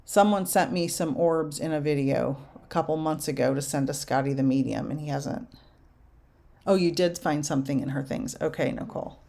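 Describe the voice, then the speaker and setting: A young adult woman medium giving spirit messages to viewers in a casual live chat, halting and soft-spoken. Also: low voice, vocal fry. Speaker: medium answering viewer questions.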